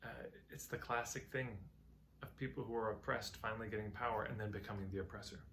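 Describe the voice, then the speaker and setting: A man's voice: fairly low pitch, steady tone, quick pace, fairly bright tone, a little hiss or hum. A man giving a reflective, conversational talk on marketing and change, musing aloud and telling parables. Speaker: marketing teacher.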